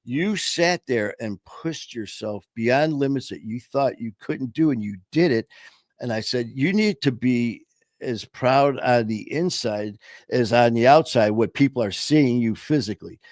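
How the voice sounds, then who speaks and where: A man's voice: mid-range voice, expressive, unhurried, darkish tone, dry recording. A middle-aged man telling a long story in a casual chat, rambling with many fillers. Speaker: podcast host and former trainer.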